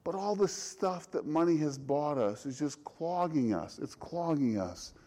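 A man's voice: on the high side, lively intonation, measured pace, dark tone, low-quality recording. A middle-aged man, a pastor, delivering a conversational sermon with frequent restarts and rhetorical questions.

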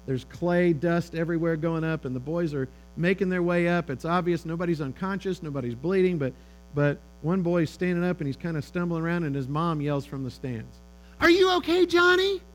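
A man's voice: a little high, brisk, low-quality recording. A middle-aged man giving a conversational talk to parents, telling stories and acting out the lines of the people in them. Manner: conversational, animated storytelling with quoted dialogue. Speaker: speaker on fatherhood. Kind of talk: sermon-style talk to parents. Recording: faint electrical hum.

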